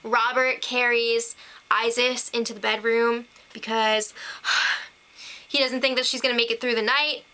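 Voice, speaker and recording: A woman's voice: on the high side, flat delivery, measured pace, pushed and bright. A young woman recapping a TV episode to camera in a gushing, chatty way, with laughs and fillers. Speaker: TV recap vlogger.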